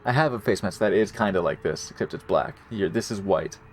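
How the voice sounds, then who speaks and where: A man with a lowish voice runs a tabletop session as dungeon master. He explains things in a loose, rambling way, stopping often to correct himself. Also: brisk, a little hiss or hum. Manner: rambling, laid-back, full of fillers. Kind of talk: running a live tabletop game.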